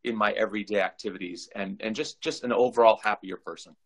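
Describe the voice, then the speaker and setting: A man in his forties, from Southern California, with a low voice and a gravelly edge to it. He speaks earnestly, doubling back on his words as he goes. He is heard over a video call. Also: steady tone, fast, fairly bright tone, poor audio. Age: 40s. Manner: earnest, repeats words when emotional. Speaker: guest. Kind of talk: casual video call interview.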